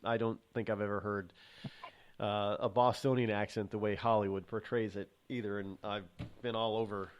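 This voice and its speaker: A man's voice: lowish voice, little pitch movement, slight background noise. A man hosting a talk show, chatting and then giving his own opinions on the news. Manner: halting restarts, then forceful opinions on the news. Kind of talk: casual talk radio commentary.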